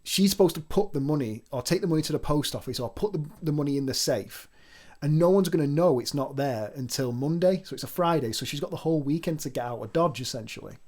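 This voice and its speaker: A man's voice: fairly high pitch, animated, fast talker, hardly any pauses, a little mellow. A man co-hosting a casual podcast, chatty and teasing with lots of restarts. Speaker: podcast co-host.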